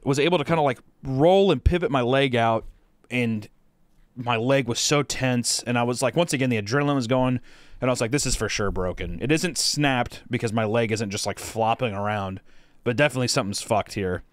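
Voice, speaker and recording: A man's voice: mid-range voice, fairly quick, no echo, clean studio sound. A man co-hosting a podcast, telling a story casually and profanely, rambling with lots of fillers. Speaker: podcast co-host.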